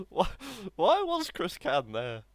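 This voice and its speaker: A young man commentating on his own football video game match, laughing often and excitable. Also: fairly high pitch, takes it slowly, no echo. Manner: giggly, excitable, laughs between lines. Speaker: gaming streamer.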